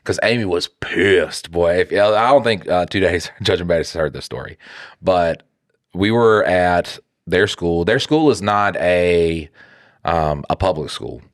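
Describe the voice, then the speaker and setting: A man in his thirties co-hosting a podcast, telling stories in a casual, profane, animated way. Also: deep voice, measured pace, no echo, studio quality. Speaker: podcast co-host.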